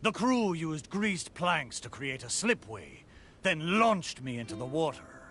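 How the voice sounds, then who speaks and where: An actor voicing the friendly, pirate-like spirit of a ship in a video game, who speaks wistfully but breaks into hearty pirate exclamations. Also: male voice, on the high side, very animated, a little slow. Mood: reminiscing. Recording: game audio with faint music.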